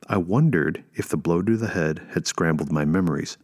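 A man narrating a first-person story in a measured, steady way. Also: low voice.

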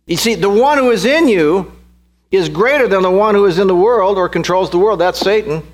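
A man's voice: high voice, a little fast. A middle-aged man preaching a sermon as pastor, emphatic and repeating phrases for stress.

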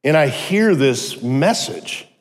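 A middle-aged man giving a personal testimony sermon, telling his story with animated energy and joking asides. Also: medium pitch, takes it slowly. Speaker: guest speaker. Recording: long hall reverb.

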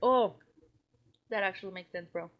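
Slightly dull lo-fi audio with a little hiss or hum carries this mid-range female voice at a moderate pace. She's a podcast co-host from Mexico who rambles, swears without restraint, laughs often and seems a little tipsy.

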